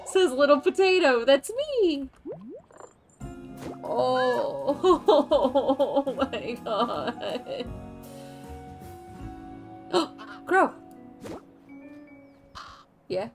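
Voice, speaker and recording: A woman's voice: sits high, sing-song, extremely slow, long pauses, soft background music. A young woman streaming a game, giggly, flustered and playful as she comments on her play. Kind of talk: casual gameplay commentary.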